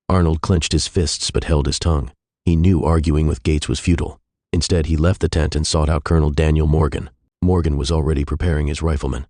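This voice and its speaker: A man narrating a historical fiction story in a measured, even way. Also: rumbling low, dry recording, studio quality.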